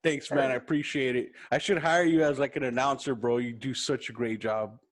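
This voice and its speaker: A man's voice: mid-range voice, fairly even intonation, fairly quick. A man hosting a podcast, laughing a lot and swearing casually as he praises his guest. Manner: laughing, profane, enthusiastic. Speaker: podcast host.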